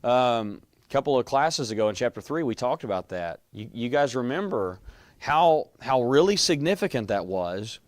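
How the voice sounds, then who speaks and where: A man's voice: medium pitch, expressive, moderate pace, dry recording. Man teaching a casual Bible class. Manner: conversational, quizzes the class.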